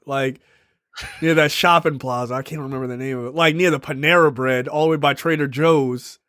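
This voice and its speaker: A young man co-hosting a casual film review podcast, animated and quick to laugh as he acts out scenes. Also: medium pitch, dry recording, studio quality. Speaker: podcast co-host.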